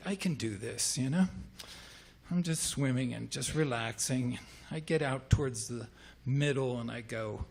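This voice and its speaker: Gravelly man telling a story live. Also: mid-range voice, normal speed, a little mellow. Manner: casual, hesitant, with fillers and restarts. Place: restaurant venue at a story slam.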